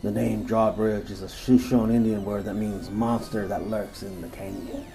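A man's voice: fairly low pitch, fairly even intonation, moderate pace, warm tone, faint music behind, poor audio. A man co-hosting a casual podcast, reading monster legends aloud in a crude, joking way and laughing often. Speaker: podcast co-host.

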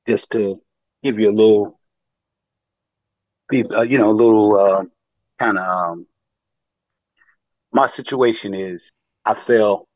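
A low-voiced man speaks haltingly, full of pauses and fillers, as he shares his story on a call-in show. The sound is dull and lo-fi, and the room is dry and close. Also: a little mellow, dry recording. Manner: halting, many fillers, addresses listener as beloved. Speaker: caller. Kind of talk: call-in sharing testimony and advice.

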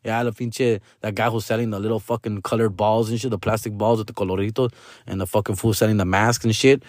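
A man tells a casual, animated story, full of profanity and slang, switching between Spanish and English. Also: on the low side, quick pace, no echo, studio quality. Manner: animated, with frequent street-slang tags.

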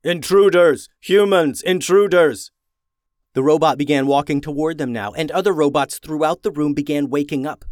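Man, storyteller, children's story reading, expressive, suspenseful, fairly high voice, dry close recording. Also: no echo. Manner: expressive, dramatic slowing for suspense.

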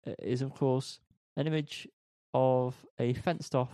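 A man's voice: mid-range voice, steady tone, measured pace, warm tone, dry recording. Rambling, self-mocking male podcaster. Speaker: podcast co-host. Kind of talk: casual podcast chat.

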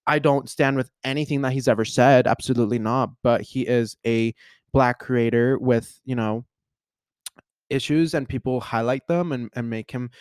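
A man's voice: medium pitch, moderate pace, clean tone, no room sound. A man hosting a casual solo podcast, talking in an earnest, rambling way full of fillers and restarts. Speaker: podcast host.

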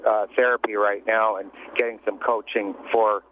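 A man's voice: lowish voice, flat delivery, normal speed. A man calling in to a radio show from his car, speaking hesitantly and searching for words about his career. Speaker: caller. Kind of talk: phone-in conversation. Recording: noisy car phone line.

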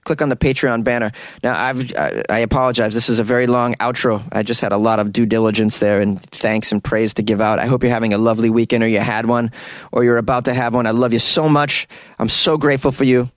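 A man's voice: mid-range voice, steady tone, quick pace, dry recording, studio quality. An American man hosting a podcast, casually reading listener reviews aloud in a jokey, self-deprecating way and laughing often. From United States. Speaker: podcast host. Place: small hot closet used as studio.

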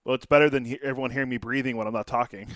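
A man chimes in on a baseball talk show as its producer, with an easygoing, slightly hesitant delivery. His voice is mid-pitched, smooth and clear, and sits close and dry on the mic. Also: steady tone, rapid-fire, a bit bright, no room sound.

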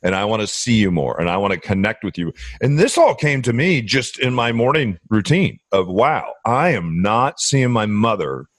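A man's voice: lowish voice, expressive, moderate pace, few pauses, no echo. A middle-aged man hosting a casual interview, talking reflectively and often repeating words as he thinks. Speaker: podcast host.

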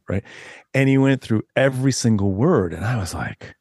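A man guest on a podcast interview, talking casually as an author, rambling and animated with many restarts. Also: medium pitch, normal speed, vocal fry, slightly rough, no echo, studio quality.

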